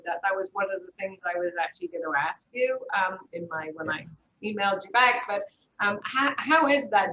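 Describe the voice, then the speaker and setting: A woman interviewing a guest, asking hesitant, halting questions. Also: mid-range voice, pushed and bright. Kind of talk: casual interview talk. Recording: muffled audio from a distance.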